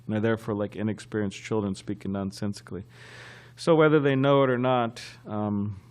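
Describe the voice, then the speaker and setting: A man giving a scripture class at a temple, telling a story in a halting, conversational way. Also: on the low side. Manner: halting and conversational, often restarting.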